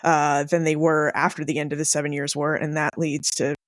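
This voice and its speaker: A woman's voice: low-pitched, level tone, brisk, no room sound. Sex: woman. Role: guest historian. Sound: dry. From United States. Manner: conversational, laughs while explaining. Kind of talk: casual discussion.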